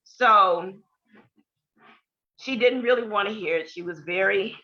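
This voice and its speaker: A woman's voice: mid-range voice, slow pace, faint music behind. An older woman giving an earnest personal testimony in an interview, repeating key points for emphasis. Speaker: guest. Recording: dull lo-fi podcast audio.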